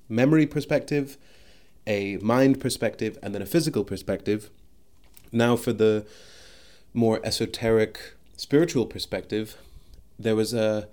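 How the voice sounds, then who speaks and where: In a reflective solo podcast monologue, the host's voice runs on the low side with a darkish tone. He talks thoughtfully into the microphone, often backing up to restart sentences as he gropes for words.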